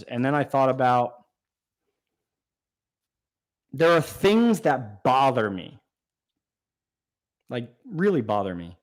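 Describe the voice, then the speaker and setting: Excitable guy doing a casual live chat, reading comments out and riffing, voice swings all over. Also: medium pitch, slow, long pauses. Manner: enthusiastic, talks off the cuff with fillers and restarts. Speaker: aquarium channel host.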